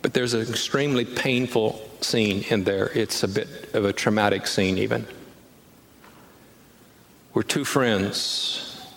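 A man's voice: on the low side, steady tone, slow, vocal fry, pauses often, fairly bright tone, slight background noise. A man preaching a sermon as a pastor, earnest and pressing, often repeating lines and asking rhetorical questions. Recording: echoey church hall, reverb.

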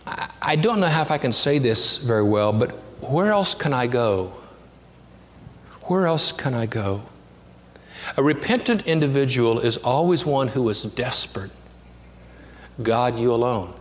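A pastor preaching a sermon, telling a childhood story, climbing to animated peaks and sinking to a hushed near-whisper. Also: male voice, mid-range voice, measured pace, long pauses. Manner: storytelling, rising to animated peaks with self-deprecating humor; drops to a hushed near-whisper on intimate lines. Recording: long hall reverb, faint background noise.

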